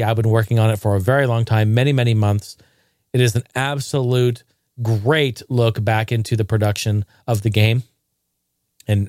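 A man vlogging to camera in casual, profane storytelling, jokey and animated, breaking into outraged bursts. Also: medium pitch, dry recording, studio quality.

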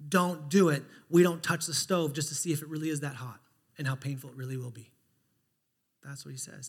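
A male pastor preaching a sermon, swinging between hushed asides and loud, impassioned stretches. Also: a little high, breathy edge.

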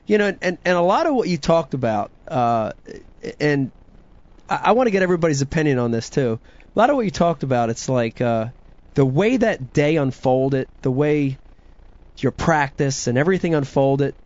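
A man's voice: a little high, animated, moderate pace, a little mellow, no echo, dull audio. A man hosting a casual chat, encouraging his guest with short replies and questions. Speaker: podcast host.

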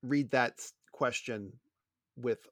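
A man co-hosting a book discussion podcast, animated and pushing back with questions. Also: mid-range voice, slow. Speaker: podcast co-host.

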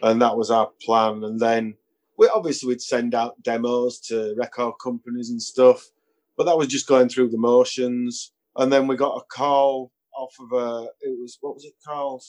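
A man's voice: mid-range voice, little pitch movement, normal speed, darkish tone. A man, a musician guest telling anecdotes in a casual interview, chuckling and acting out the voices of people he quotes.

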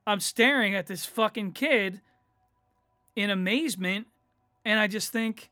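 A man's voice: high-pitched, a little slow, long pauses, sharp tone, dry recording, clean studio sound, soft background music. A man hosting a podcast, telling a story in a rambling, profane way with lots of fillers. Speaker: podcast host. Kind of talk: casual solo storytelling.

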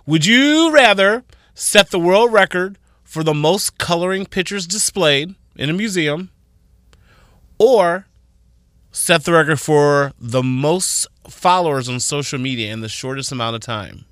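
A man co-hosting a morning radio show, reading out record trivia with quick casual asides in the studio. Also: fairly high pitch, expressive, fairly bright tone, no room sound. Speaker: radio co-host. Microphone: studio microphone.

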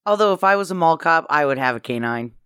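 A woman's voice: low-pitched, lively intonation, fast talker, a bit bright, smooth, dry recording, clean studio sound. A woman co-hosting a casual movie podcast, telling rambling, playful asides. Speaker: podcast co-host. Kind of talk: casual movie-review chat.

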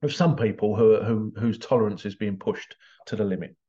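Talking alone on his podcast, this Englishman meanders from topic to topic with plenty of chuckles. He has a warm, lowish voice, a steady tone and a normal pace, though the recording's highs are cut off.

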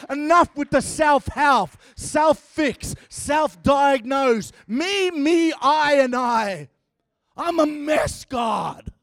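A man with an accent preaches in a high, slow-paced voice. His delivery lurches from loud, shouted declarations to quiet, dramatic passages. The sound is dry and close. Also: dry recording. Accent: non-American. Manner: swings from shouting to hushed, dramatic. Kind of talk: sermon.

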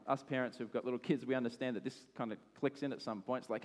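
A man in his thirties with an Australian accent, preaching a sermon in a lively, conversational way with asides. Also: medium pitch, quick pace, hardly any pauses. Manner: animated and conversational, with asides and laughs. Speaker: pastor. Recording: long hall reverb.

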